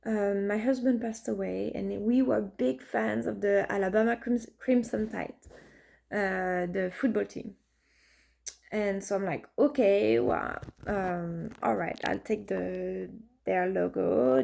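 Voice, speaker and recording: A woman's voice: medium pitch, a little slow, creaky, warm tone. A woman in her thirties, an artist, chatting casually and telling personal stories with many fillers and restarts. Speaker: artist and vlogger. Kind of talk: casual storytelling monologue.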